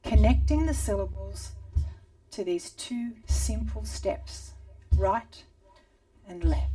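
Woman rhythm teacher, slow calm guidance and chanting, heard a little far from the mic over a drum. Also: medium pitch, husky. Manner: calm, slow guiding speech mixed with chanted syllables. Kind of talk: guided movement and rhythm lesson. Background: drum beat.

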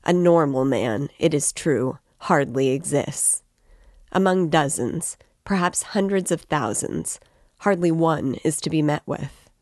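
A woman's voice: sits low, expressive, a little slow, darkish tone, no room sound, clean studio sound. A woman reading aloud as a talkative, self-assured male doctor who lectures expansively. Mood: lecturing.

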